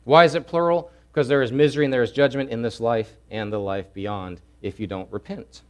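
A man preaching a sermon, swinging from loud urgent pleading to hushed, low asides. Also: steady tone, brisk. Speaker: pastor.

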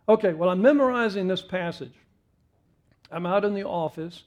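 A man with a fairly high voice preaching to his congregation. He speaks in a folksy, self-deprecating way, mixing a homely story with plain teaching from the text. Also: animated, measured pace, darkish tone. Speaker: pastor. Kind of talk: sermon with personal story.

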